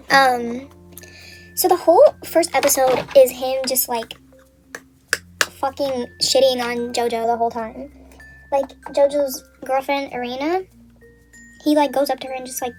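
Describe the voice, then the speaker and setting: A young woman vlogger casually retelling a story from memory while getting ready, rambling, swearing a lot and saying "like" constantly. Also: sits high.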